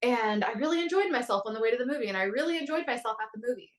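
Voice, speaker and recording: A woman's voice: on the high side, expressive, racing, distant mic, poor audio. A woman in her thirties in a casual podcast conversation, telling stories animatedly and acting out her own inner voices. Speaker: guest coach.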